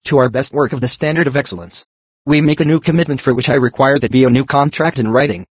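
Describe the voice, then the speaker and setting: A computer-generated male voice reading text aloud in an even, mechanical way, speaking symbols and punctuation as words. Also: medium pitch, fast talker, slightly rough. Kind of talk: synthetic text-to-speech reading.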